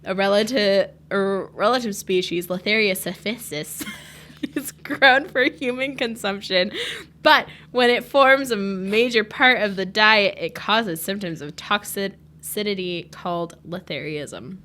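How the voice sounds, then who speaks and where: Slow, bright-voiced young woman co-host. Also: medium pitch. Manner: slow, reads facts aloud, teasing. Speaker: podcast co-host. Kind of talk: casual podcast chat.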